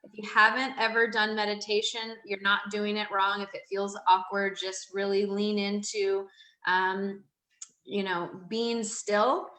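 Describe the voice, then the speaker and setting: A woman's voice: medium pitch, little pitch movement, measured pace, sharp tone, roomy sound, rough recording. A woman hosting a live online masterclass, upbeat and chatty with fillers. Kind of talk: casual live class talk.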